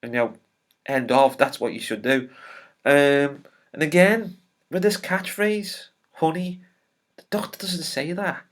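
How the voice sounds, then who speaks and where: A man's voice: on the high side, steady tone, a little slow. A man giving a casual spoiler review of a TV episode, rambling and opinionated, with many filler ums and restarts. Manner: opinionated and exasperated.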